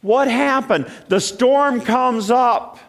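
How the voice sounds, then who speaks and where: A man preaching a sermon, telling stories and asking questions, swinging between loud exclaiming and hushed, quiet passages. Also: very high voice, slow, creaky. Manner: storytelling with repeated restarts and rhetorical questions. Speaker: pastor.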